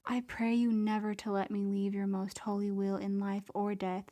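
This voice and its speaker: Woman reader, devotional prayer reading, earnest, mid-pitched, even and steady. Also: moderate pace.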